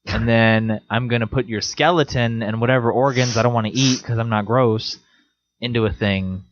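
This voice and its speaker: A young man talks loosely on a homemade podcast, rambling and joking around. His pitch sits in the middle, and now and then he jumps into goofy high voices. The recording is a little dull and lo-fi. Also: steady tone, normal speed. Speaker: podcast co-host. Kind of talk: casual chat. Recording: slightly dull lo-fi sound.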